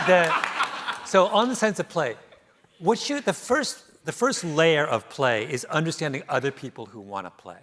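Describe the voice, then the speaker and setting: A middle-aged man tells an onstage story with real animation, his pitch swooping up and down as he goes. He laughs his way through the punchlines and keeps the pace moving. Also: expressive, a little slow, pauses often, fairly bright tone, slight background noise. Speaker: author guest. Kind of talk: onstage conversation. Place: theater stage before an audience.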